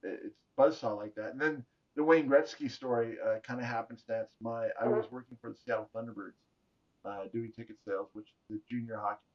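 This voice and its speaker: A middle-aged man, a podcast guest, telling animated stories in a jokey way and acting out the voices of people he quotes. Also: medium pitch, fairly quick. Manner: jokey, acts out quoted voices, laughs often. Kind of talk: animated storytelling. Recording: slightly dull lo-fi audio.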